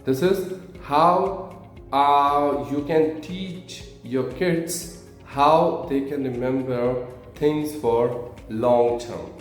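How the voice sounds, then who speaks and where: A man with an Indian English accent teaches at an unhurried pace, checking in with "right?" as he goes. His voice rings off the walls of an echoey room, with faint music underneath. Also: medium pitch. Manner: slow, explanatory, with frequent "right?" checks. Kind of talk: instructional video.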